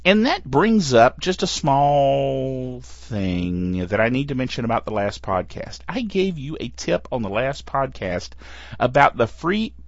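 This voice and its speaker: Lively, playful male podcast host. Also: mid-range voice, unhurried, no room sound. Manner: playful, chatty, laughs between phrases. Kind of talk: casual tech podcast talk. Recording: dull, lo-fi and dry.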